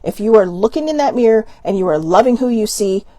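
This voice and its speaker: Woman, oracle card reader, teary and rambling, dark soft tone, dry close sound. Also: medium pitch, animated, fairly quick, dry recording. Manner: rambling, emotional, self-interrupting with laughs and ums. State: teary, eyes watering. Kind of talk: casual livestream card reading.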